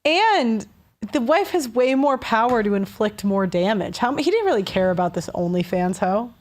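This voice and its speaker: A woman's voice: on the high side, very animated, moderate pace. A young woman hosting a call-in show, giving a blunt, heated opinion rant with stumbles and restarts. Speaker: host.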